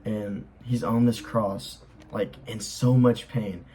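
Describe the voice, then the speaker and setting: A man's voice: fairly low pitch, fairly even intonation, slow, dark tone, rough recording. A young man explaining a Bible chapter in a casual, earnest way, rambling with lots of fillers as he reads and comments. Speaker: Bible study host.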